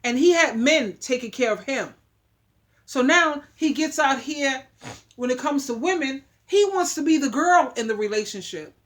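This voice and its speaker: A woman's voice: high-pitched, animated, normal speed. A woman giving relationship advice in a casual, opinionated monologue. She talks emphatically, like a preacher, and repeats her points for emphasis.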